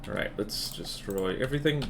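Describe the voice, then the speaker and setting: A man's voice: medium pitch, a little fast, background noise. A man live-streaming a building game, chatting with his viewers and thinking aloud in a playful, self-mocking way.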